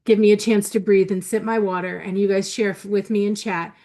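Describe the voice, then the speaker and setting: A woman's voice: mid-range voice, steady tone, brisk, mellow. A woman hosting a live math webinar over a computer mic. She talks in a chatty, enthusiastic way, with lots of fillers and laughs as she reads the chat aloud.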